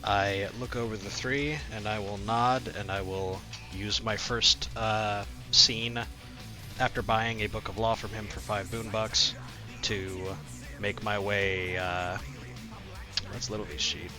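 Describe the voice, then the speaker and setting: A man's voice: on the low side, fairly even intonation, takes it slowly, over music. A man playing a tabletop game, declaring his character's actions in a formal, mock-heroic tone. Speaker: player. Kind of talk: tabletop role-play.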